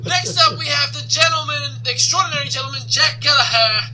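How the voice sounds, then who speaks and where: A man co-hosting a podcast in casual chat, excitable and quick to raise his voice. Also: very high-pitched, slight background noise, rough recording. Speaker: podcast co-host.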